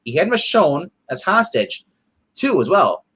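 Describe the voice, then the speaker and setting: A man co-hosting a casual comic review chat, excitable and rambling, often restarting his sentences. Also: a little high, a little slow, slightly rough.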